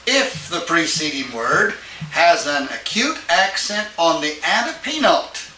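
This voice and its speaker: A man's voice: a little high, sing-song, unhurried, sharp tone, a little hiss or hum. A man teaching a Greek class, explaining step by step and checking in with questions. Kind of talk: classroom lecture. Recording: echoey classroom from a distance.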